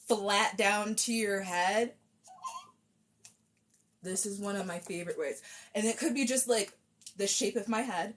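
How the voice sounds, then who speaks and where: Slow, rambling woman chatting on a live stream. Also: mid-range voice. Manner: rambling, chatty, self-deprecating. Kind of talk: casual live-stream chat. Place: at home, fixing a wig on stream.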